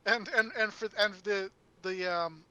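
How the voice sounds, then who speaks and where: A man in casual podcast chat, speaking haltingly with many restarts. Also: high-pitched, fairly even intonation, bright, forceful tone, clear, resonant tone, highs cut off.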